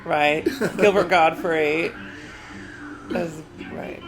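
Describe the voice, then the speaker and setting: A woman's voice: sits low, steady tone, extremely slow, loud music behind the voice, poor audio. A woman joking through a casual movie commentary, often mimicking the characters. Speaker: podcast guest.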